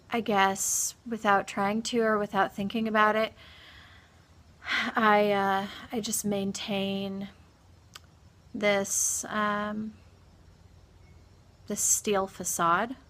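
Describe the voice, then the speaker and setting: A grieving woman speaks in an unhurried, halting way, stopping and restarting as she searches for words. Her voice sits at an ordinary middle pitch. A faint background hum sits under her talk. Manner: halting, soft-spoken, many pauses and restarts. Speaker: vlogger. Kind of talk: reflective personal monologue.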